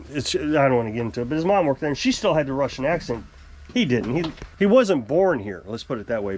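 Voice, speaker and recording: A middle-aged man talks straight to his viewers in an unscripted, opinionated vlog rant. His voice sits fairly high for a man. He gets animated as he goes and slips into mocking voices when he quotes other people. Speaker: channel host. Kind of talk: casual political vlog rant.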